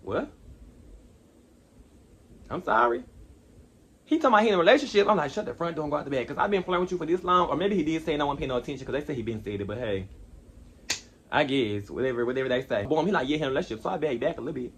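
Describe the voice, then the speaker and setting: A young man telling a storytime vlog in an animated, slangy way, rambling with asides. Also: on the high side, fast, pauses often, slight background noise. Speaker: vlogger.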